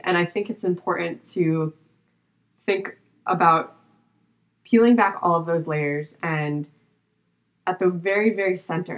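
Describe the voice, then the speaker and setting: A young adult woman with a low speaking voice shares a personal story as a podcast guest. She talks in an earnest, open, unguarded way and keeps reaching for "like" between her thoughts. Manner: earnest and open, with frequent "like" fillers.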